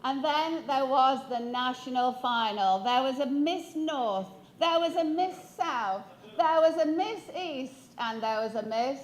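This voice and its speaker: Her voice is high-pitched with lively intonation and a measured pace. She's an English keynote speaker in her fifties with a Yorkshire accent, playfully and humorously telling motivational stories on stage while quizzing her audience.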